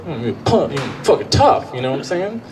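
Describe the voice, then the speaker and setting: A man's voice: on the high side, sing-song, rapid-fire, music in the background. A man from Colorado doing live stand-up comedy on a club stage, rambling, profane and self-mocking. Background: audience laughter.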